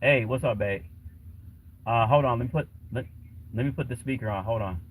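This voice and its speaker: A man hosts a casual livestream, rambling along with plenty of fillers and restarts. His voice is mid-range, his pace moderate, and the recording is rough.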